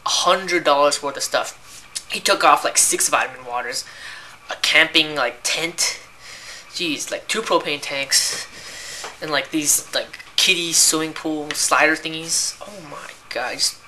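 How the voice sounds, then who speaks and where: A woman's voice: low voice, unhurried, sharp tone, a little hiss or hum. A young woman who works as a cashier, ranting in a casual, rambling way about annoying customers and filling her talk with "like" and "right?". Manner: exasperated, rambling, heavy use of "like" and "right?".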